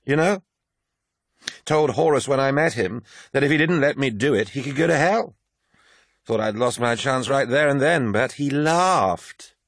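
Man doing a drunk cultured woman, slurred speech, bitter, raised pitch, storybook reading. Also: animated, unhurried, fairly bright tone, no room sound, studio quality.

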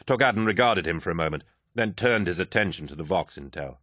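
A man narrating an audiobook in a steady, descriptive reading. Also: deep voice, fast talker, dry recording, clean studio sound.

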